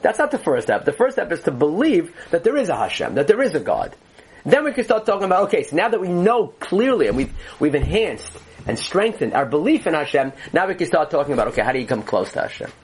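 A man's voice: on the high side, very animated, fast, slightly rough, low-quality recording. A man teaching a Torah class, earnestly explaining ideas and often restarting his phrases.

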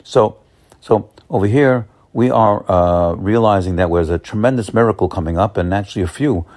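A man who sounds like a rabbi, with a voice on the low side, delivers a holiday sermon. He speaks haltingly with many fillers before building into excited, emphatic bursts.

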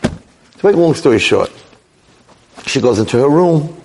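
A middle-aged male rabbi telling a dramatic story in a sermon, with animated delivery. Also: on the high side, unhurried, slight background noise. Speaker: rabbi lecturer.

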